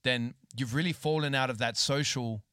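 A man's voice: mid-range voice, normal speed, pushed and bright, clear, resonant tone, no echo, clean studio sound. An Australian man co-hosting a podcast, chatting casually, joking and swearing freely. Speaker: podcast co-host. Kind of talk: casual chat.

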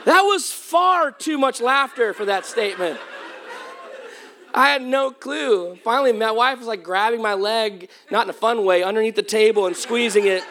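A man's voice: high voice, moderate pace. A man preaching a sermon as pastor, telling humorous stories to his congregation. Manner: humorous, animated storytelling to a congregation. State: voice cracking at times.

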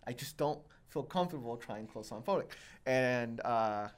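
With a medium pitch and lively intonation, a young podcast host talks at a moderate speed. His long, self-mocking stories wander in casual conversation and brim with filler words.

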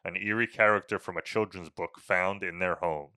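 Young male co-host, smooth resonant voice, easy laugh, casual facts-and-banter delivery. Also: low voice, fairly even intonation, moderate pace, sharp tone, no echo. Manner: chatty, reads out film facts, laughs easily. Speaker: podcast co-host. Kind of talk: casual podcast chat. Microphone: podcast microphone.

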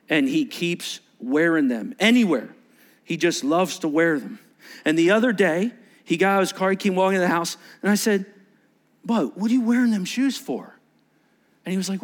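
A middle-aged man preaching a sermon as pastor, telling stories with voiced quotes and dropping to a hushed near-whisper for emphasis. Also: on the high side. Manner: animated storytelling with voiced quotes and asides.

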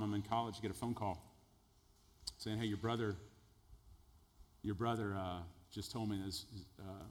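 Preacher in a reverberant hall. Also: male voice, fairly low pitch. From Texas. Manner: animated storytelling, swings between loud jokes and quiet earnest passages. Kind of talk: sermon testimony. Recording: echoey hall with long reverb.

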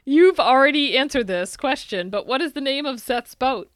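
A woman's voice: high-pitched, lively intonation, normal speed, no room sound, clean studio sound. A woman hosting a quiz on a casual podcast, teasing and laughing as she reads the questions. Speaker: podcast co-host, quizmaster. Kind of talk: casual chat.

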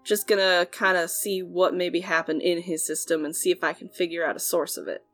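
A woman voicing a calm male technician who explains things gently and a little hesitantly, in a tabletop game. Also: lowish voice, brisk, faint music behind. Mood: reassuring. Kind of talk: in-character tabletop dialogue.

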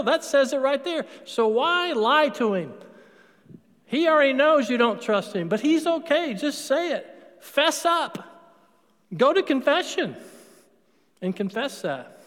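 High-voiced priest in a reverberant church. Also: male voice, lively intonation, a little slow, fairly bright tone. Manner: conversational, asks the congregation questions and answers them. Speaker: Catholic priest. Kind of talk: sermon.

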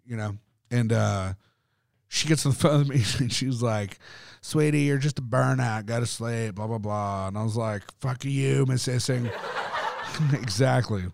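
A man's voice: mid-range voice, unhurried, creaky, darkish tone. A man co-hosting a podcast, telling a ghost story in casual chat, swearing often and rambling with lots of fillers. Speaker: podcast co-host.

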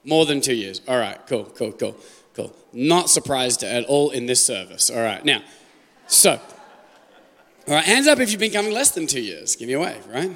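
A man with an Australian accent preaches to a live congregation as their pastor, cracking jokes and putting questions to the room. His mid-range voice is very animated and a bit bright at a moderate pace, with the live reverb of a church hall.

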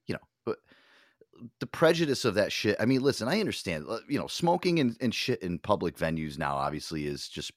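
Animated, profane male podcast host. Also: brisk, no echo, studio quality. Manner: animated, swearing, mimics people with loud high voices. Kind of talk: casual chat.

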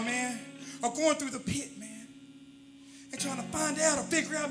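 A man preaching a sermon in a church, impassioned and repetitive, building to shouts. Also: very high voice, normal speed, over music. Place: church with an altar.

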